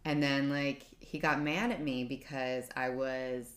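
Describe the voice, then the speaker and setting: A woman in her thirties with a low voice tells a long, rambling story in casual podcast chat. She leans on "like" between her phrases. The room behind her is echoey. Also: little pitch movement, a little slow. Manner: chatty storyteller, many "like" fillers. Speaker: podcast co-host.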